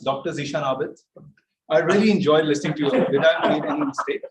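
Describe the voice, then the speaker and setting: A man's voice: on the high side, fast talker, roomy sound. Man w/ pakistani english accent doing a jokey speech evaluation, far from the mic, faint noise. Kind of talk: giving spoken feedback at a club meeting.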